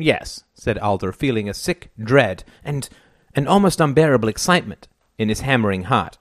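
Male audiobook narrator, lively pitch, character voices, dry close recording. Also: moderate pace, dry recording. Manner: stammering, voices each character. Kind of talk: scripted narration.

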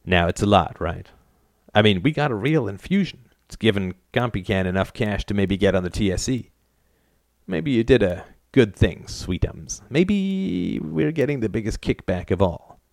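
A man voicing an excited businessman husband, talking crudely in a husky whisper. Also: lowish voice, moderate pace, dry recording, clean studio sound. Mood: tender. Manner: crude, giddy.

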